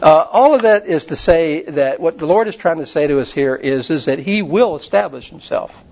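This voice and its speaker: A man's voice: a little high, animated, normal speed, darkish tone. A man preaching a casual, rambling sermon, retelling stories with many fillers. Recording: muffled lo-fi recording.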